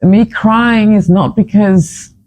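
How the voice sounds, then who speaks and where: A woman's voice: medium pitch, takes it slowly, darkish tone, rough recording. A woman vlogger retelling an event in an emotional, rambling way, full of restarts. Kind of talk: personal storytelling.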